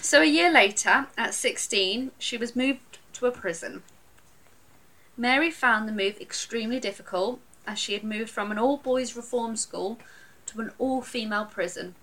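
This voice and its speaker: A woman's voice: a little high, normal speed, sharp tone, rough recording. Brit woman on a podcast reading out a true crime story, chatty. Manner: storytelling, reads out dates and facts. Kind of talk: casual chat, reading a case.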